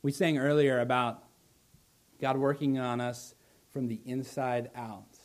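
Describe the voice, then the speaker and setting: A male pastor preaching a sermon, building to loud emphatic lines, then dropping soft and slow. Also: medium pitch, flat delivery.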